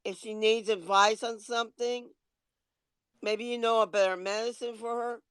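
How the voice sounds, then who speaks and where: A woman's voice: a little high, fairly even intonation, normal speed, clean tone, no echo. A woman hosting a livestream, lecturing her viewers in a blunt, casual way and swearing now and then. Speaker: livestream host. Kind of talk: livestream rant.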